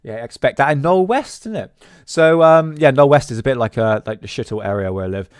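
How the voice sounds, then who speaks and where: A man's voice: mid-range voice, lively intonation, a little fast, clean tone, no echo, clean studio sound. A man hosting a casual solo talk, rambling with many fillers and restarts. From England. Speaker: host.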